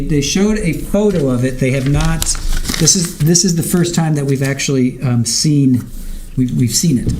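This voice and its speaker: A man's voice: fairly high pitch, dark tone, a little hiss or hum. A man hosting a live stream, recapping court testimony in a chatty way, reading viewer comments aloud and talking to his dog at home. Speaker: livestream trial commentator.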